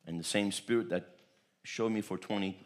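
A man from Turkey delivers a church sermon in a somewhat low voice. He tells personal stories with animated energy, often repeating words as he goes. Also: normal speed. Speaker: pastor.

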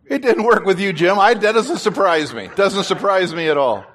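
A man, a pastor, preaching a sermon in an animated way and joking with his congregation. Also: high voice, moderate pace. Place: church.

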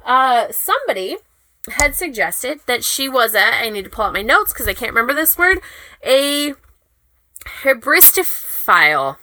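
Woman co-host, bright crisp tone, dry close-miked, rambling casual talker. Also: sits high, sing-song, normal speed, dry recording, rough recording. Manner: rambling, swears casually, stumbles over words. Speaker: podcast co-host. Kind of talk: casual chat.

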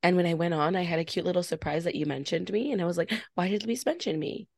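A woman's voice: lowish voice, fast, creaky, a crowd in the background. Chatty young woman on a podcast. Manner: chatty, confessional, swearing, full of "like". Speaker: podcast co-host. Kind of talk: casual chat.

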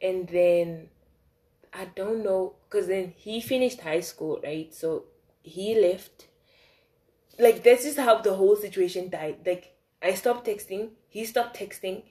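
A young woman telling a casual storytime. She talks in a chatty, animated way, with lots of fillers and swearing. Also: on the low side, unhurried. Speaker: vlogger.

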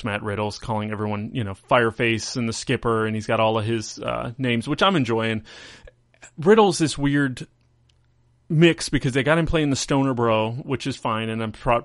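A man's voice: mid-range voice, no room sound, studio quality. A man hosting a casual wrestling podcast, rambling through a recap and acting out quotes in mocking voices. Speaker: podcast host.

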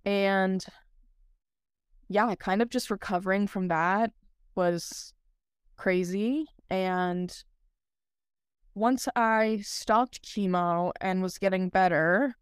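A young woman talks through her story on a podcast, loose and chatty, with a filler in nearly every phrase. Her voice is smooth and clear, sitting at an ordinary middle pitch. The sound is dry and close, with no room around it. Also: takes it slowly, long pauses, no room sound. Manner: chatty, lots of "like" fillers, laughs often. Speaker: podcast co-host. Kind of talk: casual podcast chat.

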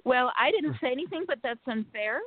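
A woman calling in to a talk show, telling her story in an earnest, frustrated way with many fillers and pauses. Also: high-pitched, lively intonation, no room sound. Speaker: caller. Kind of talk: phone-in storytelling. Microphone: telephone. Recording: phone line.

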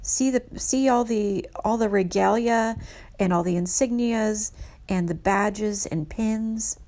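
A woman tells a piece of history in a slow, unhurried voice, pausing and restarting as she checks her notes. Her tone is earnest and emphatic. She has a mid-range voice and a casual, conversational delivery. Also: medium pitch, darkish tone.

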